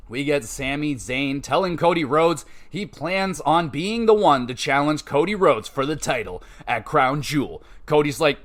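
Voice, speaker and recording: A man's voice: fairly high pitch, lively intonation, a little slow, few pauses, fairly bright tone. A man hosting a podcast, recapping wrestling matches in a casual, chatty way with offhand asides and scores. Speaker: podcast host.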